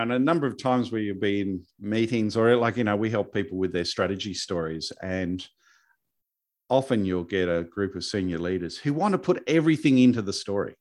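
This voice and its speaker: Male co-host, lowish voice, rambling casual delivery. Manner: hesitant, many fillers and restarts, laughs easily. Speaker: podcast co-host. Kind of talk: casual chat.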